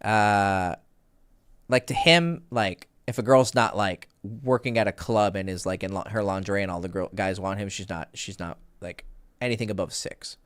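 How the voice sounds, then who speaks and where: A man's voice: on the low side, normal speed, fairly bright tone. A man talking as a dating coach in a casual livestream Q&A, rambling with lots of fillers and swearing freely. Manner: rambling, filler-heavy, profane.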